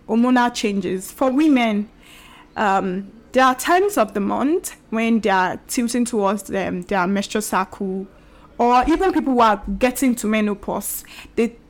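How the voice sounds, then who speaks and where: A woman hosting a solo podcast, talking earnestly and emphatically and acting out the voices she quotes. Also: on the high side. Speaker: podcast host.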